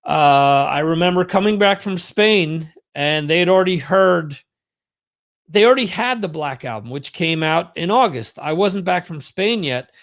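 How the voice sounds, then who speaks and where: Fairly high-pitched and somewhat bright, this livestream host speaks expressively at a moderate pace. His casual monologue rambles along in a chatty, profane way.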